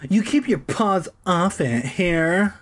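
A man voicing a scared, excitable young boy with a high, shrill voice, reading a storybook aloud. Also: takes it slowly, exaggerated voice. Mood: insistent. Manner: frantic, pleading.

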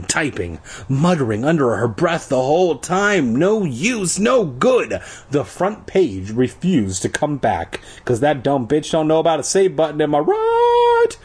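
A man reading a story aloud for laughs, slow and husky with a lively, swinging pitch. He breaks off for crude, sarcastic remarks. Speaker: reader. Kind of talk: comedic book reading with crude asides.

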